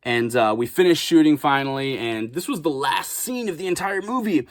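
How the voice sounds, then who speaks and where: A man's voice: a little high, normal speed, no room sound, studio quality. Young man telling a story, slangy. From Chicago. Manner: animated, acts out quotes in raised voices, swears freely. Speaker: vlogger. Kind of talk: casual storytelling.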